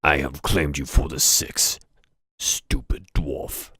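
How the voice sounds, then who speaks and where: A taunting orc warrior in a tabletop game, as the game master puts him on. The voice drops low and drags out slowly with cruel mockery. It is dry and close, with no room sound. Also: male voice, fairly even intonation, pushed and bright, slightly rough, no room sound, full character voice.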